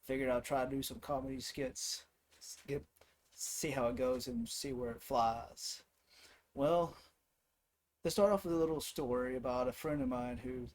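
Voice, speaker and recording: A man's voice: medium pitch, a little mellow. A man hosting his own channel, telling rambling comic stories in a casual way, laughing at his own jokes. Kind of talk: casual comedic storytelling.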